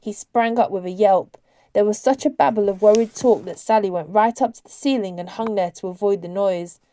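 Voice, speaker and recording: A woman narrating an audiobook in a steady, expressive storytelling manner. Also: medium pitch, fairly quick.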